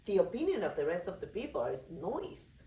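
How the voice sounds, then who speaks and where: A woman's voice: fairly low pitch, big pitch swings, brisk, mellow. A woman in her fifties talking earnestly and reflectively in a casual podcast chat. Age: 50s. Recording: roomy sound from a distant mic.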